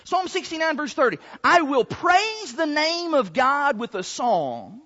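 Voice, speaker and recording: A man's voice: very high-pitched, sing-song, unhurried, sharp tone. A man preaching a sermon, stretching out key words for emphasis. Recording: long hall reverb, dull lo-fi sound.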